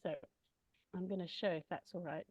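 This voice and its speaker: A woman gently describing her children's massage work, pausing often with ums. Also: fairly low pitch, fairly even intonation, no echo, muffled recording. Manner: gentle, hesitant with many ums. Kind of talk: casual conversational sharing.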